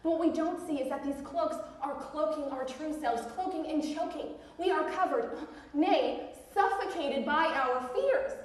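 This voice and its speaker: Heard from a distant audience mic in an echoey theatre hall, a woman speaks in a high voice at a slightly slow pace. She's an actress in a live stage monologue, portraying a brash, pushy self-help author at a book talk, punctuated by nervous, giggly laughter.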